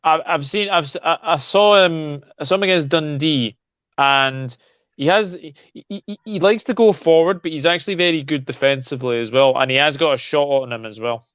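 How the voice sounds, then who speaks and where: A man giving measured, calm analysis as a guest on a chat stream. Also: fairly high pitch, clear, resonant tone, no echo, lo-fi sound. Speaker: guest panelist. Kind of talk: casual chat.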